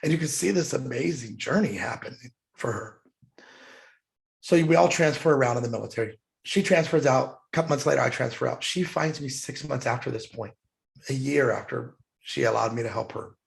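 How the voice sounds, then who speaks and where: A man's voice: medium pitch, a little fast, gravelly. A middle-aged man, a podcast guest, telling a personal story in an earnest, heartfelt way, getting emotional as he speaks.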